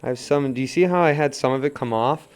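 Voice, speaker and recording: A young man casually teaching wheel throwing, coaching in a relaxed way and often checking in with "right?". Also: medium pitch, quick pace, smooth, faint music behind. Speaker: pottery teacher.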